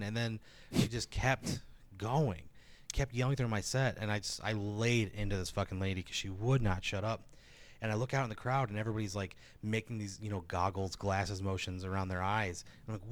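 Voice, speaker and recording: A man's voice: fairly low pitch, a little fast. A man telling a rambling stand-up story in casual chat, full of fillers and swearing. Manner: animated, lots of fillers, swears. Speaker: stand-up comedian.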